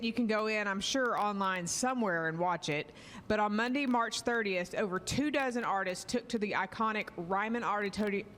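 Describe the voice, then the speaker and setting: A woman's voice: medium pitch, a bit bright. A woman co-hosts a radio show and reads entertainment news in a casual, loose way. Her voice carries a long room reverb over a faint background hiss. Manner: casual, many "like" fillers. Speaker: radio co-host reading country music news.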